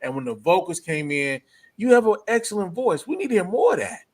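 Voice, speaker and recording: A man's voice: sits high, very animated. Radio co-host guy, stops and starts a lot, easygoing. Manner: halting, searching for words, complimentary. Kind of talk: casual radio interview chat.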